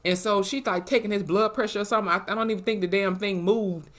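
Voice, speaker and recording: A young woman, recapping a TV episode in an animated, profane way and acting out the characters' lines. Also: medium pitch, fast. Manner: animated, profane storytelling with acted-out quotes. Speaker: TV episode reviewer. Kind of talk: casual recap vlog.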